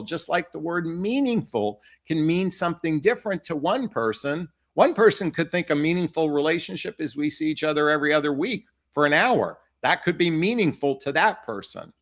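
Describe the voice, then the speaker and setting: A man's voice: a little high, fairly bright tone. A man giving dating advice as a coach, emphatic and repeating his key phrases. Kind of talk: advice talk to camera.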